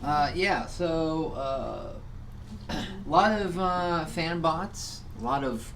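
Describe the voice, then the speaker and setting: Rambling, jokey male band member, lively voice. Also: fairly high pitch, drawn-out words, a little hiss or hum. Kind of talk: casual live-stream chat. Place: hotel room.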